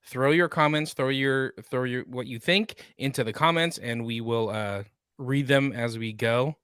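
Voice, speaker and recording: A man's voice: medium pitch, unhurried, fairly bright tone, clear, resonant tone, dry recording, studio quality. Chatty, enthusiastic podcast co-host man. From Sacramento area. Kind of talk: casual pop-culture chat.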